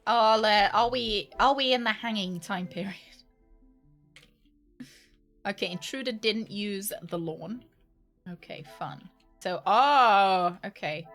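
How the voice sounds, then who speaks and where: A woman's voice: medium pitch, takes it slowly, pauses often, fairly bright tone. Girl streaming a game, giggly and rambly, little music under. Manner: giggly, rambling, jokey asides. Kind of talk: gaming livestream commentary.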